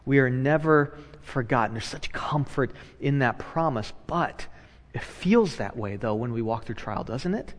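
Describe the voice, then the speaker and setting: Speaking in a large hall, a male pastor delivers a conversational sermon at an unhurried pace and medium pitch. He shifts from quiet passages to loud, animated ones, repeating phrases for emphasis.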